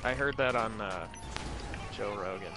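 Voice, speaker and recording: A man co-hosting a casual podcast chat, excitable, swearing and quoting people as he talks. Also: fairly low pitch, moderate pace, soft background music. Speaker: podcast co-host. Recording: clear background noise.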